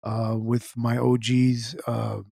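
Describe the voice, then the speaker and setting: A man hosting his own podcast in a loose, chatty way, with fillers and some throat clearing. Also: mid-range voice, monotone, takes it slowly, mellow, no echo, studio quality. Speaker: podcast host. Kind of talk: casual solo podcast talk.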